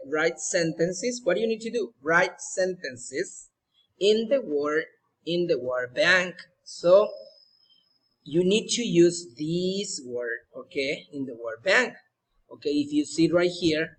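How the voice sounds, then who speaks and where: A young man, teaching a recorded homework lesson to schoolchildren, slow and patient, repeating words and checking in often. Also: a little high, breathy edge. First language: Spanish.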